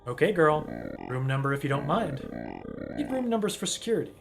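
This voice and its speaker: A man voicing a gruff, folksy office worker on a phone call, drawling and calling the caller girl. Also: on the high side, expressive, brisk, music in the background.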